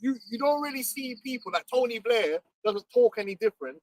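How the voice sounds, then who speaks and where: A man, chatting casually as host in an animated, slangy way, laughing often. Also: very high-pitched, brisk, no room sound. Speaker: livestream host. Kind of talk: casual chat. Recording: distant mic, faint background noise.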